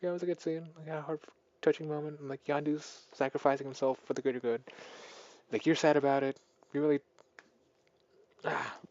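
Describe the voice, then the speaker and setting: A man's voice: fairly high pitch, brisk, long pauses, dry recording, muffled recording. A man giving a casual spoken film review, rambling through the plot with lots of fillers and restarts. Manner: rambling, filler-heavy, excited plot retelling. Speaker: movie reviewer.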